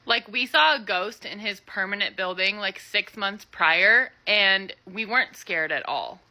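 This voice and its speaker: A woman's voice: mid-range voice, a little slow, pushed and bright. A young woman telling her own ghost story casually, dramatic and breathless, acting out what was said. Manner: breathless, dramatic retelling with quoted dialogue.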